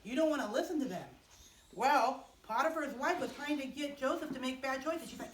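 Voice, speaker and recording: A woman chapel teacher telling a Bible story to children, animated and asking them questions along the way. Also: high-pitched, a little fast, slight background noise. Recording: echoey room from far off.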